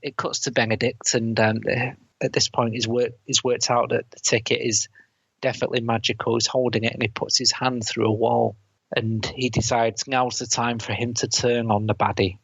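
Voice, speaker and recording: A man's voice: mid-range voice, level tone, normal speed, fairly bright tone, slightly rough, no echo. A man co-hosting a podcast who retells a film's plot in casual chat, laughing and quoting lines as he goes. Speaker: podcast co-host. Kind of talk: casual film review chat. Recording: dry, dull lo-fi podcast mic.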